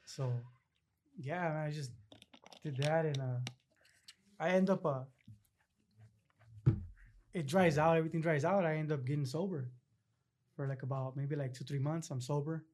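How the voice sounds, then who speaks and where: A young man with a slightly raised pitch, speaking in loose, laid-back street slang. He tells long stories in a casual interview and slips into other people's voices when he quotes them. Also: normal speed, pauses often, darkish tone. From Los Angeles area, California. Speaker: interview guest.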